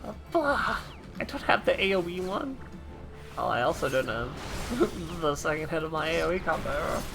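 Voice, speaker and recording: A woman's voice: low voice, animated, normal speed, music in the background. A woman streaming a game, chatting casually with her viewers in a joking, self-mocking way. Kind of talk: casual gameplay chat with viewers.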